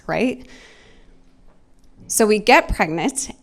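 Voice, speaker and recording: Woman in her forties, stand-up storyteller, self-mocking, candid, mid-pitched, on a club stage mic. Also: normal speed. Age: 40s. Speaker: stand-up comedian.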